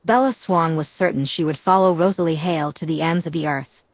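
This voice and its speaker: A woman narrating a fanfiction audiobook in a steady, even reading. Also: sits low, brisk, dry recording.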